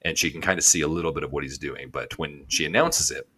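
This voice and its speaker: Low-voiced man rambling through a recap. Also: fast talker, sharp tone, husky, dry recording. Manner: rambling retelling full of "like". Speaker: podcast co-host. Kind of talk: casual episode recap.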